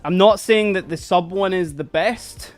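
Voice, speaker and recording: A man's voice: high voice, unhurried, faint music behind. A Scottish man hosting a casual livestream, chatty and upbeat, thanking viewers as he reads the chat. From Scotland. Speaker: livestream host.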